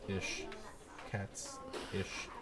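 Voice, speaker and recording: A man teaching a class and hosting the show, asking questions in a relaxed, playful, teasing way. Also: drawn-out words, over a noisy crowd.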